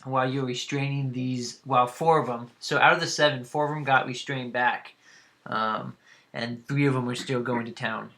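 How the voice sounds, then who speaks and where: A man narrating as dungeon master, halting with many fillers. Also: medium pitch, fairly even intonation, bright, forceful tone. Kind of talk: narrating a tabletop game.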